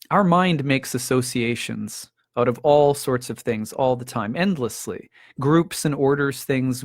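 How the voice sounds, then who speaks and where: A man's voice: medium pitch, no room sound, studio quality. Reflective man posing rhetorical questions. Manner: reflective, asks many rhetorical questions, restarts often. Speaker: astrologer. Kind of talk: casual spoken talk to camera.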